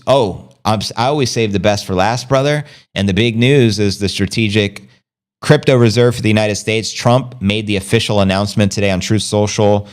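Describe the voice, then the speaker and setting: A man's voice: lowish voice, moderate pace, clear, resonant tone. A man hosting a casual livestream, reading out news and chat comments in a hyped, loose, chatty way. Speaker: crypto livestream host.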